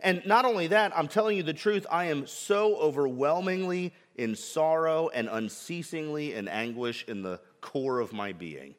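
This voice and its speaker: A man's voice: fairly high pitch, animated, moderate pace, few pauses, pitched above the performer's own voice, lightly acted. Man playing a sorrowful apostle pleading with his own people, intense and urgent, in a reverberant hall. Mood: anguished. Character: grieving male apostle pleading earnestly.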